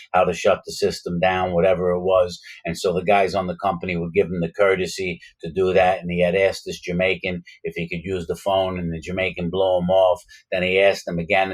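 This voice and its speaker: A man's voice: deep voice, low-quality recording. A man casually telling a long personal story, rambling with plenty of fillers and restarts. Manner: grows louder and more excited as the story builds.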